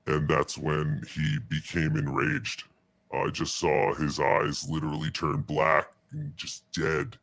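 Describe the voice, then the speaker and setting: Low gravelly guy telling a story, flat and halting, lots of uhs. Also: dry recording. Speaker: interview guest telling a story. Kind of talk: casual storytelling.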